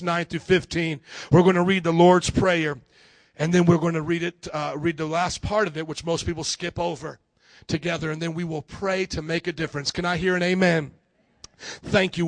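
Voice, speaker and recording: A man's voice: on the high side, fairly even intonation, normal speed, no room sound. A male pastor preaching an emphatic sermon, calling for amens from his congregation. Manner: emphatic, call-and-response with the congregation. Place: church service.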